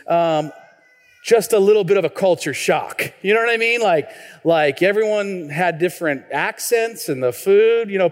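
A man in his thirties from Washington state, a pastor preaching a sermon in an animated, conversational way, with frequent restarts and questions to the congregation. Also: sits high. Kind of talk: sermon with personal storytelling. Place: church sanctuary. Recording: long reverb of a church hall.

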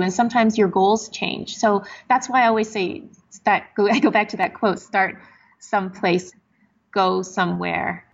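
A woman guest on a podcast, a doctor, giving earnest, measured advice. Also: mid-range voice, slightly rough, highs cut off. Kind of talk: podcast interview.

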